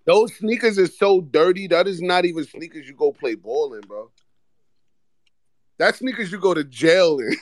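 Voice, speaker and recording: A man co-hosting a casual live-audio chat, roasting a friend loudly and profanely with lots of laughter. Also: high voice, animated, moderate pace. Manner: loud, profane, teasing roast with frequent laughter. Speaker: podcast co-host.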